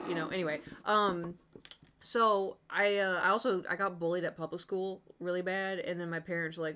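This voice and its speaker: A woman's voice: lowish voice, brisk, fairly bright tone. A young woman streamer from the United States chatting casually, telling a long rambling story with many asides to her chat.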